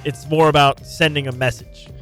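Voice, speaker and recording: Male sports talk co-host, higher voice, pushes back and debates, light music bed under him. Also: fairly even intonation, normal speed, fairly bright tone. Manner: argumentative, questioning, retells anecdotes.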